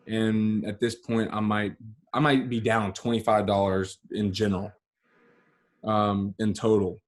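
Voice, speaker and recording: A man who is a podcast guest, telling a story in a relaxed, rambling way with many fillers and restarts. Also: on the low side. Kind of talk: casual storytelling.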